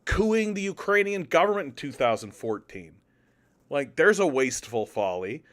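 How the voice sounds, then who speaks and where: A man's voice: fairly high pitch, sing-song, normal speed, fairly bright tone. A man from Canada giving casual political commentary on an article, with profane, sarcastic, exasperated ranting.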